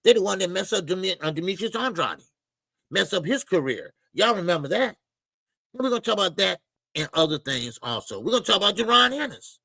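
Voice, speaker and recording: A man's voice: sits high, very animated, fairly quick, creaky, no room sound. A man hosting a casual boxing livestream, laid-back and chatty, greeting viewers by name and laughing often. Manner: loose, shout-outs to chat, laughs often.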